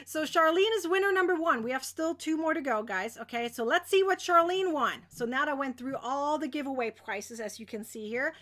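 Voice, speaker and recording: A young woman hosting a crochet giveaway in casual livestream chat, bubbly and squealing with excitement. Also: high-pitched, a little fast, hardly any pauses.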